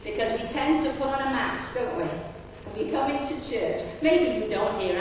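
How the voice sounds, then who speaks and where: A high-pitched woman delivers an earnest, conversational sermon, often asking the congregation questions. The recording is roomy and echoey, picked up from far off in a church hall, with faint background noise. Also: expressive, moderate pace. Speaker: pastor. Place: church service.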